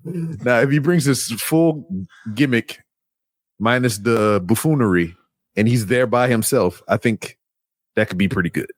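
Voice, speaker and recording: A man's voice: mid-range voice, unhurried, pauses often, dry recording, studio quality. A man co-hosting a podcast in casual chat, laid-back and joking, rambling through his points. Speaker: podcast co-host. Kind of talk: casual chat about wrestling.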